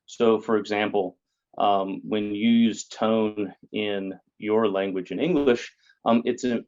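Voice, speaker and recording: A man's voice: fairly low pitch, fairly even intonation, a little slow, a little mellow, dull audio. A man, a guest in an interview, explaining things in a lecturing way with many fillers and tag questions. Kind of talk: explanatory conversation.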